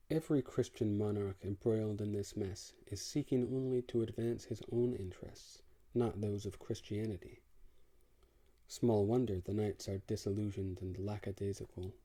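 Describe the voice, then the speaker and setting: A man's voice: lowish voice, steady tone, moderate pace, mellow. A man reading an audiobook, voicing a brusque, disillusioned crusader prince in a blunt, sardonic way. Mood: brusque, weary.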